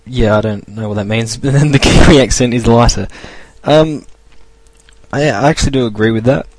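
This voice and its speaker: A man's voice: medium pitch, moderate pace, a little mellow, no room sound. A young Australian man hosting a casual solo podcast, rambling loosely and chuckling as he talks. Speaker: podcast host.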